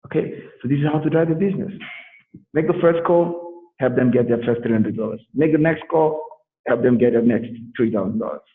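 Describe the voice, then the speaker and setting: A man giving an energetic motivational sales talk, repetitive and punchy. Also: medium pitch, a little fast, roomy sound. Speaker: business presenter. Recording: tinny phone-like sound.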